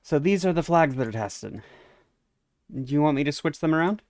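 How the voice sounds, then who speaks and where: A man's voice: fairly high pitch, lively intonation, moderate pace, darkish tone, no echo, clean studio sound. A man who streams games, giving casual let's-play commentary and reading the dialogue aloud with wry asides. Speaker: game streamer.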